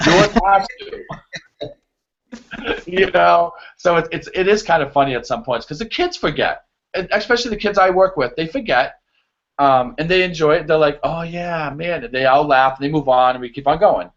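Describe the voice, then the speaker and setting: Animated New man telling stories. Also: fairly high pitch, brisk. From US East. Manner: animated storyteller, laughs easily, many fillers. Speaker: show choir choreographer and guest. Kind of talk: casual interview chat. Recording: dull lo-fi audio.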